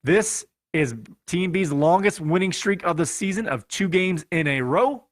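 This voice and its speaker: A man's voice: high-pitched, lively intonation, a little slow, no echo, studio quality. A man with a Chicago accent hosting a podcast, playfully reading through fantasy football scores in a running recap. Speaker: podcast host.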